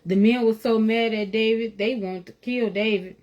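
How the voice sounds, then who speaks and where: A woman's voice: fairly high pitch, fairly even intonation, moderate pace, a little mellow, lo-fi sound. Earnest woman sharing her faith. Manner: conversational, earnest, lots of "you know", laughs now and then. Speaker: speaker sharing faith testimony. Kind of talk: informal faith talk.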